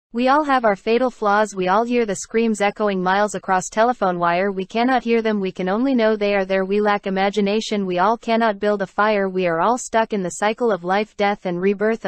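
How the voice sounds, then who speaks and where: A woman's voice: mid-range voice, no room sound. A woman reciting a surreal spoken-word piece in a chanting, repetitive, dramatic way.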